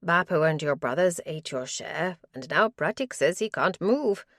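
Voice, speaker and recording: A woman's voice: lowish voice, expressive, moderate pace, a bit bright, no echo, studio quality. A woman voicing a middle-aged mother teasing her daughter on the phone.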